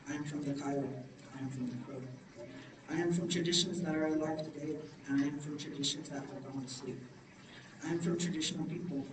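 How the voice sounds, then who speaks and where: A man from Montana and Oklahoma reading his own poem aloud at a conference, slow and measured, a little nervous. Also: on the high side. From Montana and Oklahoma, United States. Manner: slow, measured, repeated phrasing. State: nervous, voice slightly shaky. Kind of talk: spoken-word poetry recital. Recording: echoey hall from far off with background noise.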